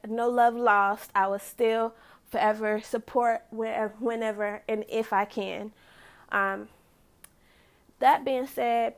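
Chatty woman with a creaky voice. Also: on the high side. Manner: chatty, gives shout-outs, laughs easily. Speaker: lash business owner and podcast host. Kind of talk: casual solo podcast talk.

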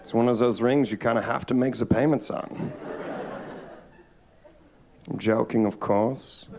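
A man's voice: medium pitch, fairly even intonation, unhurried, darkish tone. A male stand-up comedian telling crude, wry jokes on stage, slipping into put-on voices. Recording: noisy live club recording. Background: audience laughter.

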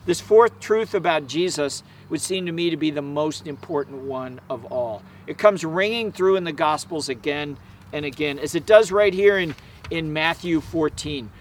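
A man's voice: fairly high pitch, normal speed, a little hiss or hum. A man preaching a sermon in an emphatic, conversational way, with casual asides and fillers. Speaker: pastor.

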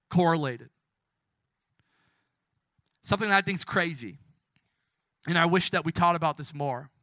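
A man preaching a sermon as a youth pastor and closing in prayer. His delivery is impassioned, swinging from soft hushed lines to loud emphatic ones, with casual self-correcting asides. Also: a little high, dry recording, clean studio sound.

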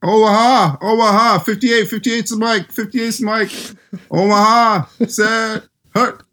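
A man's voice: high-pitched, fairly even intonation, unhurried, sharp tone, pitched above the performer's own voice. A man doing a twangy southern quarterback. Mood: drawling. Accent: Southern US put on. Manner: drawled, twangy play calls. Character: slow-drawling southern quarterback calling plays.

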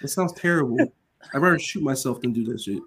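A man's voice: medium pitch, lively intonation, fairly quick, fairly bright tone. A man in casual sports chat, blunt and profane.

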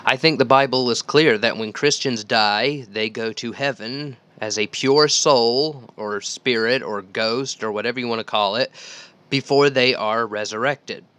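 Smooth, slightly bright, and medium in pitch, this host's voice moves at an unhurried pace with no room sound. Teaching the Bible alone on his podcast, he reads scripture and speaks in an earnest, conversational way full of restarts and repeated phrases.

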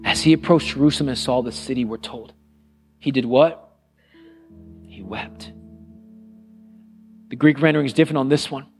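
A middle-aged man preaching a sermon as pastor, earnest and conversational, repeating phrases and dropping to a hush on solemn lines. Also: medium pitch, fairly even intonation, quick pace, faint music behind. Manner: drops to a hushed voice on solemn lines.

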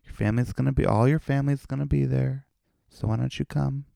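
A man's voice: mid-range voice, steady tone, quick pace, gravelly, dark tone, no echo, clean studio sound, voice pushed up. A man voicing his mother as a campy gay man, coaxing and sing-song.

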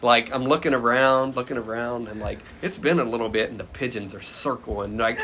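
A man telling a funny personal story as a podcast guest, loose and animated, often laughing and shouting out the lines he quotes. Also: mid-range voice, moderate pace, hardly any pauses, crowd noise. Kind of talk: casual anecdote storytelling.

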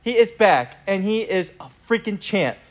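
A man's voice: high-pitched, moderate pace. A young man co-hosting a casual sports podcast, ranting and joking brashly about football. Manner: brash, joking, animated rants. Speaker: podcast co-host.

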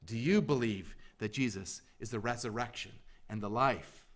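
A man preaching a sermon as pastor, emphatic, pressing repeated questions and swinging from loud to hushed. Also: mid-range voice, moderate pace.

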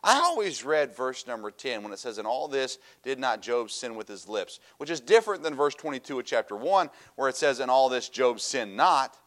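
With a mid-range voice, a middle-aged preacher delivers an animated sermon full of storytelling. He shifts back and forth from loud emphasis to quiet asides.

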